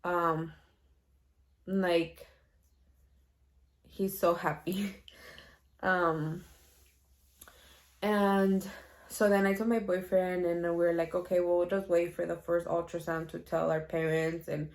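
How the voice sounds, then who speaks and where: A woman's voice: lowish voice, level tone, slow, pauses often. A young woman vlogger telling a personal story in a casual, chatty way, laughing often and slipping in Spanish phrases.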